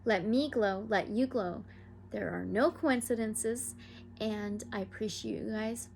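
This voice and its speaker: A woman talking to her channel's viewers, reading a soft guided meditation and later chatting excitedly outdoors near her chickens. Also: medium pitch, measured pace, gravelly, slight background noise. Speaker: tarot reader and channel host.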